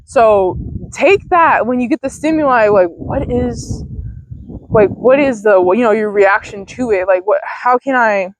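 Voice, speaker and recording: A woman's voice: a little high, background noise. Chatty young woman rambling outdoors. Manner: chatty, rambling, swears casually, talks fast. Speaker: mindfulness vlogger. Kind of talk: casual rambling self-help talk. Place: outdoors in a field.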